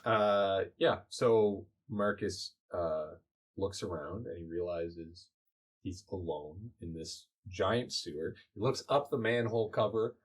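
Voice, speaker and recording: A man hosting a comedy podcast, narrating an improvised story in a relaxed, chatty way. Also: low-pitched, slow pace. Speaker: podcast host.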